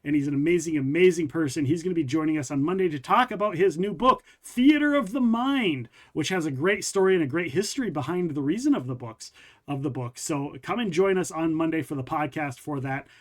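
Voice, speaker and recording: High-voiced upbeat man hosting a stream. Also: fast talker. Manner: upbeat, promotional, addresses viewers as guys. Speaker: podcast and stream host. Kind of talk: casual livestream chat.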